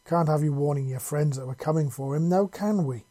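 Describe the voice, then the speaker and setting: A man voicing a menacing male wanderer who puts on an accent and talks in a slow, mock-polite drawl. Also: on the high side, mellow, close to an everyday voice.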